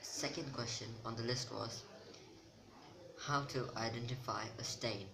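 A man's voice: mid-range voice, steady tone, measured pace, vocal fry. A teenage boy vlogging to camera in a rambling, self-mocking chat that keeps losing its thread. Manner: rambling, self-mocking, loses his train of thought. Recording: noisy home recording.

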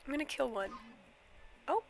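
A woman's voice: high voice, very animated, normal speed, vocal fry, soft background music. A young woman, a bit sick, chatting through a casual game stream, rambling and giggly with lots of fillers and apologies. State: slightly sick. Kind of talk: casual Minecraft stream tour.

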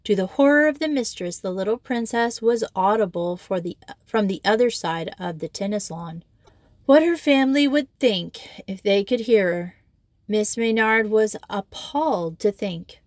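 A woman reading a children's school novel aloud in steady, measured storytelling. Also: medium pitch, no echo. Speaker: audiobook reader.

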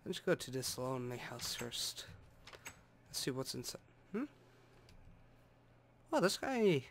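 This let's play host speaks slowly in a sing-song, medium-pitched voice, meandering through gameplay commentary full of hums and asides. He records on a desktop microphone while music blares in the room.

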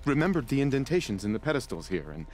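An actor playing an earnest, scholarly tribal man who keeps a shrine, speaking with measured reverence in video game dialogue. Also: medium pitch, very animated, natural voice. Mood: reverent. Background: game music.

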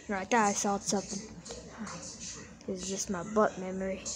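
A woman's voice: mid-range voice, level tone, fairly quick, soft background music. A woman giving silly, playfully dramatic commentary while playing a horror game, joking her way along. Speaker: game video creator.

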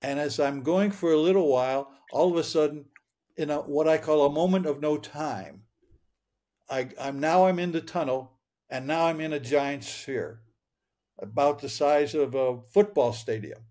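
An older man in his eighties, a guest speaking with a somewhat high-pitched voice. He tells his story in an earnest, plain way and often stumbles over repeated words. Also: normal speed, darkish tone. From Michigan, United States. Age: 80s. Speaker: interview guest. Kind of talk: storytelling interview.

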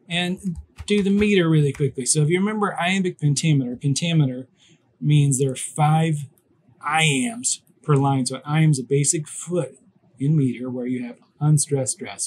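Husky-voiced man teaching a casual class. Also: on the high side, a little mellow. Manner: casual, thinking aloud, counting out syllables. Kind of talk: recorded online class lecture.

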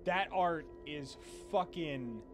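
A man streaming a card game, cursing and raving about the art in a casual, excitable way. A game soundtrack plays clearly under his voice. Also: a little high, slow pace, faint music behind. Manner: excitable, profane, gushing over card art. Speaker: streamer host.

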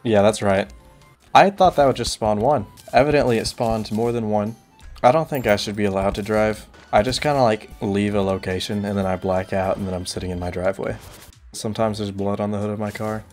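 A young man streaming a video game, tossing off deadpan absurd jokes and mock complaints in casual commentary. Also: fairly low pitch, brisk, faint music behind.

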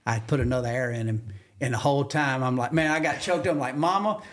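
A man from Georgia with a Southern accent, a podcast guest telling a hunting story in an animated way and acting out the quotes with sudden jumps in pitch. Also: quick pace. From Georgia, USA. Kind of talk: animated storytelling in casual conversation.

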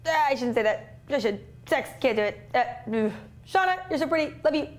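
A man's voice: extremely high pitch, animated, fairly quick, voice pushed up. A man putting on a giddy young woman who gushes affection in a squealy voice.

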